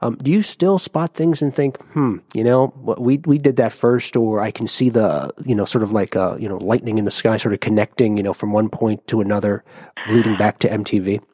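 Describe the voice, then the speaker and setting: A man's voice: fairly low pitch, fairly quick, darkish tone, breathy edge, dry recording, clean studio sound. A man hosting a podcast, asking long, meandering questions with frequent restarts. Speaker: podcast host. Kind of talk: casual interview.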